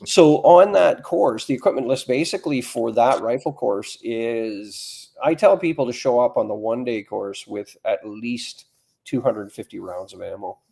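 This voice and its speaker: A middle-aged man with a gravelly, rough-edged voice and a breathy, husky grain. He talks casually and plainly, piling up quick asides and stories from his years of teaching. His pitch sits at an ordinary middle height for a man. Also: mellow. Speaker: firearms instructor guest. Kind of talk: casual podcast conversation.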